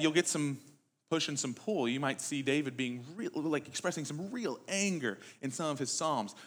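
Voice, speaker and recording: A man's voice: on the high side, fairly bright tone. A young adult man preaching a sermon in a church, talking conversationally and asking the congregation rhetorical questions. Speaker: pastor.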